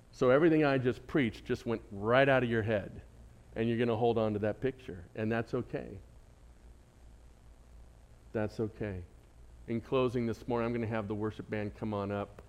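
A man preaching a Sunday sermon as pastor, telling a personal story with asides to the congregation. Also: mid-range voice. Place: church sanctuary.

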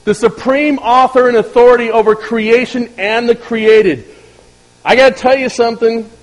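A pastor giving a sermon, moving between loud emphatic peaks and quiet, intimate asides. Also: male voice, very high voice, fairly even intonation, moderate pace, poor audio.

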